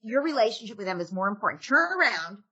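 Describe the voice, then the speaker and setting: A woman's voice: medium pitch, very animated, fast talker, sharp tone, breathy edge, highs cut off. A middle-aged woman, a parenting expert, giving advice in a casual podcast interview and acting out parent and kid lines.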